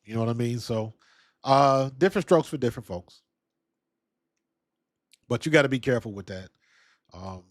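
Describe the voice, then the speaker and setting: A man of medium pitch hosts a laid-back football live-stream, chatting conversationally and replying to viewers' comments. His recording is clean studio sound without any echo.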